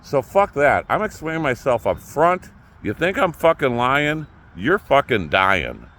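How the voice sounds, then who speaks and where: A middle-aged man hosting his own channel, ranting unscripted to the camera, blunt and profane, swinging from loud outbursts to low muttering. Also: sing-song, measured pace. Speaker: YouTube channel host.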